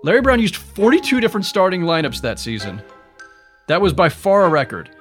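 A sports journalist being interviewed, telling stories in an animated, emphatic way. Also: male voice, high-pitched, brisk, soft background music. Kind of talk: interview recollection.

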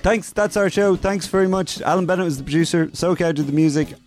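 A man's voice: sits high, quick pace, a little mellow, faint music behind. A man hosting a podcast, teasing his guests in a dry, casual way. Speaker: podcast host. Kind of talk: casual banter.

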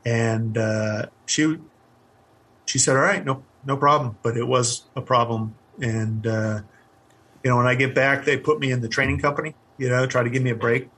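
Man, middle-aged, husky voice, halting interview storytelling, lots of fillers. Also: medium pitch, fairly even intonation, fairly bright tone. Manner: candid, halting, many fillers and restarts. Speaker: guest, retired army helicopter pilot.

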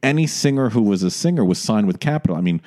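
A man co-hosting a podcast, chatting casually in an animated, theatrical way and breaking into snatches of song. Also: fairly low pitch, quick pace. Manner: animated, theatrical storyteller who sings snatches. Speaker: podcast co-host. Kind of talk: casual chat.

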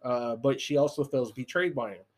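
A man's voice: medium pitch, normal speed. A man in casual chat recapping a show. He talks loosely, swears a lot and often says "you know".

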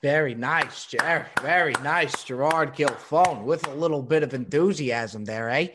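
Teasing, energetic male podcast host. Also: on the high side, measured pace, heavy background noise. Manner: teasing, hyped, ribbing his guest. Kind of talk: casual chat.

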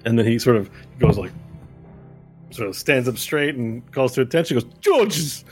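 A man's voice: mid-range voice, normal speed, darkish tone, soft background music. A man narrating a tabletop game as game master in a playful, laughing way.

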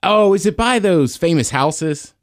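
A man's voice: a little high, expressive, unhurried. A man co-hosting a podcast, chiming in with short remarks in casual chat. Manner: short interjections, chimes in. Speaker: podcast host.

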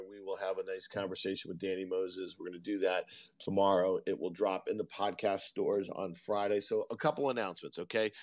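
A man co-hosting a markets podcast, chatting casually in an excitable, rambling way. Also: lowish voice, no echo. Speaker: podcast co-host.

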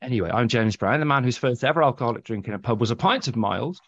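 A man's voice: mid-range voice, fast talker, dry recording. Man hosting with teasing banter. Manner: teasing, sarcastic. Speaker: podcast host. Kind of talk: casual banter. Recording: dull dry lo-fi sound.

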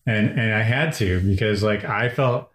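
A man's voice: fairly low pitch, a little slow, a bit bright, reverberant. A man from Chicago talking bluntly and heatedly, swearing often, in casual podcast chat. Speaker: parent and co-host.

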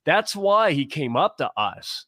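A man's voice: a little high, sing-song, measured pace, fairly bright tone, dry recording, studio quality. A man co-hosting a casual sports talk show, speaking with passion and rambling through many restarts. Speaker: podcast co-host.

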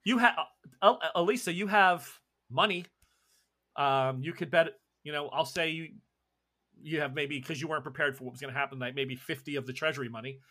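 Bright-voiced male game master. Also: fairly high pitch, brisk. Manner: playful, laughing. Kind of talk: narrating a tabletop game.

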